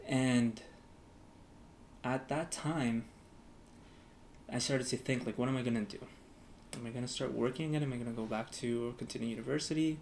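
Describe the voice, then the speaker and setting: A man's voice: medium pitch, gravelly, a little mellow, slight background noise. A young man talking casually to camera as a vlogger, rambling with lots of "like" fillers and acting out both sides of past conversations. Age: young adult. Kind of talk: casual storytelling vlog.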